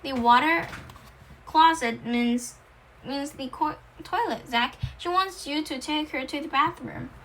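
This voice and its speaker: A fussy, theatrical medium leading a séance, with a spooky edge to her talk, as a woman reading a storybook puts her on. Her voice is high and bright. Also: a little slow, a little hiss or hum.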